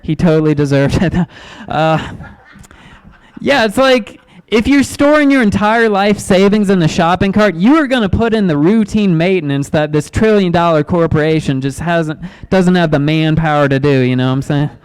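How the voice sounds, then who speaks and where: A man in his thirties doing a stand-up comedy set in a club, awkward and self-deprecating, halting with ums and restarts. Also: high-pitched, clear, resonant tone, low-quality recording. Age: 30s.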